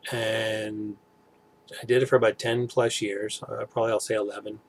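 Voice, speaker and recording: A middle-aged man vlogging in a rambling, halting, casual way with many fillers. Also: fairly low pitch, flat delivery, a little hiss or hum. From Toronto area, Canada. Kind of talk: casual chat to camera.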